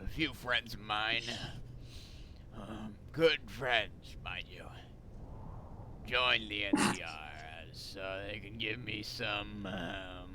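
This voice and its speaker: Man voicing a game mobster boss, gruff, impatient, strained forced voice, slow, low. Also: background noise. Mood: scheming. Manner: strained low put-on tough-guy voice. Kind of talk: amateur game mod voice acting.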